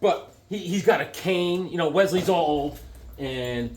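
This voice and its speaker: A man casually reviewing comic books, excitable and chatty, breaking into silly voices now and then. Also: on the high side, normal speed, slight background noise.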